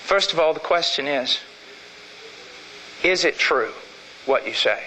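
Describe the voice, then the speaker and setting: Middle-aged male preacher, emphatic and dramatic, bright cutting tone, church reverb. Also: fairly high pitch, animated, slow, slight background noise. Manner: emphatic, dramatic swings between loud and hushed. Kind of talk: sermon. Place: church sanctuary.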